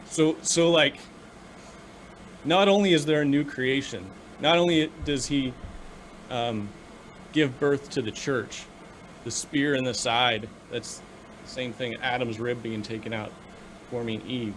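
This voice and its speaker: Earnest man, halting speech. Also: medium pitch, steady tone, a little hiss or hum. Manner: earnest, halting with many restarts. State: choked up with emotion. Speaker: podcast co-host. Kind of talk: casual theological discussion.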